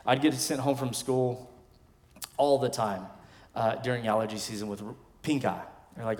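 Emphatic pastor in reverberant hall. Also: male voice, mid-range voice, steady tone, normal speed. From West Texas. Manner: emphatic preaching that swings between loud declarations and quiet asides. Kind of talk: sermon. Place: large church sanctuary. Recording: long hall reverb from a church sanctuary.

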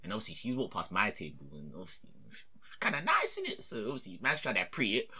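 A man's voice: fast talker, husky. A young man, casually telling a story and acting out the voices of the people in it. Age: young adult. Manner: animated, acts out voices with big pitch jumps and laughter.

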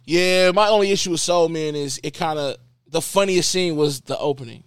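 A man casually bantering about movies on a podcast, teasing and animated. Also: a little high, clear, resonant tone, no room sound, clean studio sound. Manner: animated, teasing, drawn-out questions.

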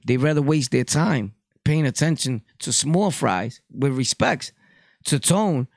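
A man's voice: mid-range voice, lively intonation, a little slow, dry recording, studio quality. A Puerto Rican man hosting a podcast, delivering a blunt, profane casual monologue. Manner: blunt, profane street talk. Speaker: podcast host.

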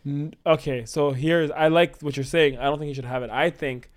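A man brainstorming a story idea in casual conversation, acting out his characters' lines as he pitches them. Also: normal speed. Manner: animated, acts out characters' lines mid-pitch.

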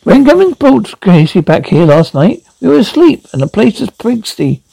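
Fussy doting sitcom mum, high lively voice, gravelly and a bit husky. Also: female voice, normal speed, dry recording, full character voice, poor audio. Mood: flustered. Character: house-proud doting mum, flustered and fussy. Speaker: fussing mother.

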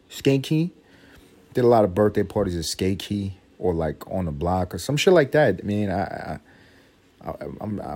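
Profane husky man venting about parenting. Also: fairly low pitch. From New York. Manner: profane, animated, exasperated. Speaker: podcast host. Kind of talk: casual storytelling monologue.

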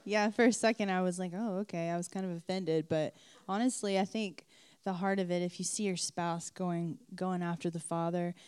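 A woman's voice: lowish voice, steady tone, normal speed, darkish tone, clear, resonant tone. A woman, the speaker's wife, adding brief remarks to the talk.

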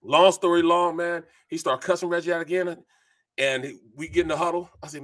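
Lively, rambling, filler-heavy storytelling comes from this middle-aged sports talk co-host who once played lineman. He sounds a little high and a little fast.

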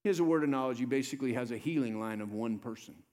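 A male pastor preaching a sermon, swinging between loud urgent appeals and low soft asides. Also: very fast. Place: church sanctuary. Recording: live church sermon with long reverb.

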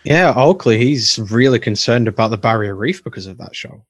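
A man's voice: medium pitch, lively intonation, normal speed, no echo. UK man, 30s, casual co-host, blunt dry wit, deadened room. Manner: sweary, blunt, dry humor. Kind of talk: casual chat.

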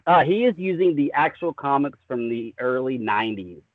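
A laid-back man with a Southern drawl rambles amiably as a guest on a casual podcast interview, saying "man" a lot. His mid-range, expressive voice moves at normal speed and sounds dry and thin, with no echo, as if coming over a tinny phone line.

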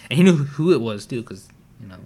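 A man guest on a podcast, talking in rambling, slangy and profane casual chat that often trails off quietly. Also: mid-range voice, expressive, fairly quick, breathy edge.

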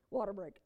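A high-voiced woman pastor delivering a homey, conversational sermon. She spins personal anecdotes in a chatty, folksy way, laughing along and bursting into emphatic exclamations. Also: a little mellow.

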